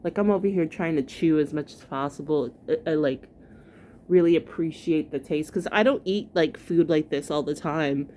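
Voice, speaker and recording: A woman's voice: deep voice, normal speed, dark tone, slight background noise. A woman giving chatty, gossipy reaction commentary on a video, full of "like" fillers. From New York. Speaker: commentary vlogger.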